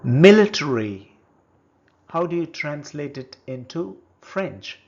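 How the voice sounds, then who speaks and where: A man whose first language is Telugu leads a step-by-step language lesson at a very slow, careful pace. He punches out each new word loudly and then says it again. His voice sits in a middle pitch, and the recording is a bit dull and lo-fi. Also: expressive. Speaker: language teacher.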